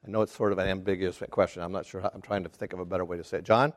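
Guy teaching bible class at church, kinda low voice, lots of restarts and questions to the class. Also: steady tone. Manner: halting, many restarts, asks the class questions.

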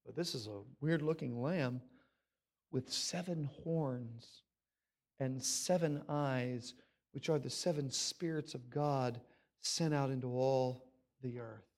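A middle-aged man preaching a sermon, swinging from loud exclamations to low, hushed passages. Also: takes it slowly. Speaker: pastor.

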